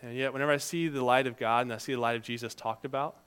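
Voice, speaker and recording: Guy giving a sermon, smooth clear voice, chatty storytelling preacher style. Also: medium pitch, steady tone, rapid-fire. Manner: conversational storytelling preaching, shifts between loud emphasis and quiet asides. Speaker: preacher and teacher.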